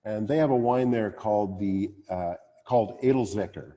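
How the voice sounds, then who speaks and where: Low, mellow-voiced winemaker, man. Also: normal speed, big-room sound, muffled recording. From Canada. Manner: hesitant, many fillers and restarts. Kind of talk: casual talk at a virtual wine tasting.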